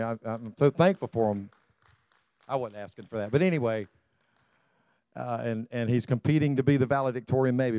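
Mellow-voiced pastor preaching. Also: male voice, mid-range voice, no room sound. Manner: conversational, repetitive, animated preaching with many restarts. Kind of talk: sermon.

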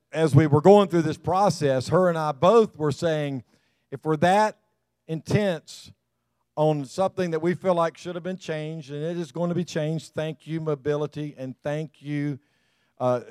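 Man preaching, folksy and emphatic, slightly high voice, mellow tone, dry sound. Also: clean tone, no room sound. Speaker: pastor. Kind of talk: sermon.

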